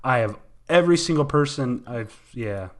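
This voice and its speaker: A man's voice: medium pitch, expressive, normal speed. A man co-hosting a casual podcast, rambling and correcting himself mid-thought. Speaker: podcast co-host. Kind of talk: casual chat.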